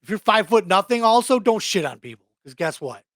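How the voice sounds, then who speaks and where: A man's voice: high-pitched, sing-song, brisk, fairly bright tone. A young adult man co-hosting a podcast, ranting bluntly and swearing freely in casual chat. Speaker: podcast co-host.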